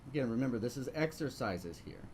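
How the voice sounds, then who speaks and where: A man's voice: medium pitch, animated, brisk, darkish tone, slight background noise. A man teaching a live online painting lesson, talking through each step and asking rhetorical questions. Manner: talks through steps, asks rhetorical questions. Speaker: painting instructor.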